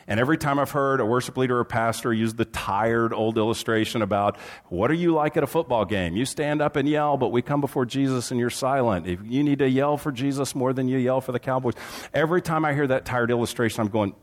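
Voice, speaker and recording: Animated man preaching a lively sermon. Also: medium pitch, normal speed. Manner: animated preaching, acting out shouts and quoted objections. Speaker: pastor.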